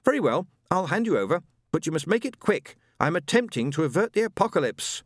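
A man's voice: a little high, very animated, fairly quick, no room sound, clean studio sound, pitched above the performer's own voice. A man voicing a haughty, condescending male spirit who speaks through a medium in an audiobook.

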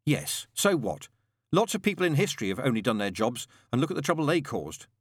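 A man's voice: mid-range voice, sing-song, brisk, slightly rough, no room sound, studio quality, pitched above the performer's own voice. A man reading aloud and voicing a genteel male angel with a prim, polite manner. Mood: earnest.

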